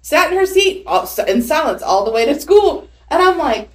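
Woman in her 30s on a podcast, casual chat, swoops high when she acts out her kid. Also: normal speed. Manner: animated storyteller, voices her child's lines. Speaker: podcast guest.

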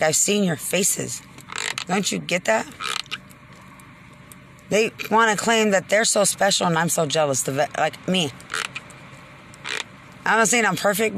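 A woman's voice: on the low side, fairly bright tone, slight background noise. A woman in a rambling, agitated rant, accusing and cursing at the people she blames. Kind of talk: angry rambling rant to camera.

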